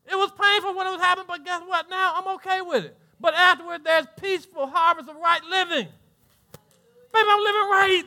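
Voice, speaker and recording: Southern male pastor, middle-aged, very high ringing voice, lively sermon delivery. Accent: Southern American. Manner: preaching with call-and-response asides and laughter; voices imagined congregants in quick back-and-forth.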